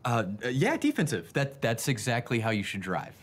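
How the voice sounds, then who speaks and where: An actor in an ad playing a nervous, stammering insurance agent. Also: male voice, medium pitch, huge pitch swings, moderate pace. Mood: flustered. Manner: stammering, flustered. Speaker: actor in a radio ad.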